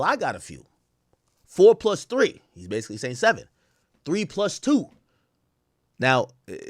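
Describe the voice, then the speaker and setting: A man's voice: medium pitch, dry recording, clean studio sound. A man hosting a live stream, rambling casually with lots of "like" and "you know" while he explains street slang to his viewers. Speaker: stream host reacting to rap songs.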